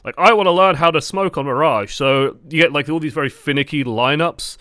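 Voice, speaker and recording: A man streaming and chatting casually about a game, animated and full of "like" fillers. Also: on the high side, a little fast, clear, resonant tone, no echo, studio quality. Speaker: gaming streamer. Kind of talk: casual gaming chat.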